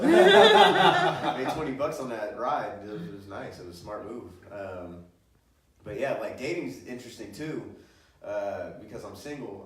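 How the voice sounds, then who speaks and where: Male stand-up, crude and animated, laughing through his stories, recorded from a distance in a very echoey room. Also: mid-range voice. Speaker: stand-up comedian. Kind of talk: stand-up storytelling. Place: comedy show room. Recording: roomy echo, distant mic.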